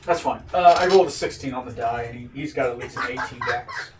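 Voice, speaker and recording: A man running a tabletop role-playing game in a casual session, often stammering and restarting, relaxed and joking. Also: medium pitch, fast talker. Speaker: game master. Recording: roomy room, distant mic, faint hiss.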